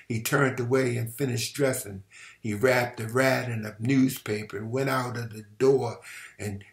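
A man's voice: lowish voice, gravelly. A man reading a novel aloud dramatically, sometimes stumbling and rereading words. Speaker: reader. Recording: roomy echo.

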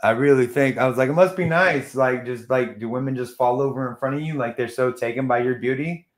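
A young man hosting a casual podcast chat, loud and brash, swearing freely. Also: medium pitch, steady tone, fast talker. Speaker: podcast host.

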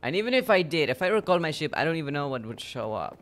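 A man's voice: fairly high pitch, very animated, fast talker, fairly bright tone. A man streaming a game live, playful and given to laughing asides. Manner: playful, laughing, slips into Spanish exclamations. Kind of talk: live gameplay chat.

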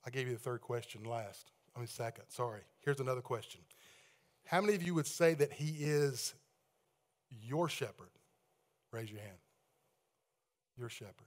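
A man preaching a sermon in a church, reading scripture aloud with the congregation, praying quietly and asking them to raise their hands. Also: medium pitch, lively intonation, normal speed, pauses often. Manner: leads congregation in call-and-response readings and hand-raising; swings between loud proclaiming and hushed prayer. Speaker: pastor. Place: church sanctuary with balcony.

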